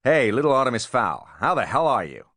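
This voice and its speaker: A man's voice: mid-range voice, sing-song, fairly quick, no room sound, clean studio sound, voice pushed up. A man voicing a brash, overfamiliar middle-aged American businessman with an American accent. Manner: loud, breezy, overfamiliar.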